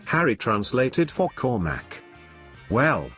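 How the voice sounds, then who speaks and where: Guy reading fanfic out loud, super lively voice, bit of music in the back. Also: mid-range voice, measured pace. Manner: expressive storytelling. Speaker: fanfiction reader.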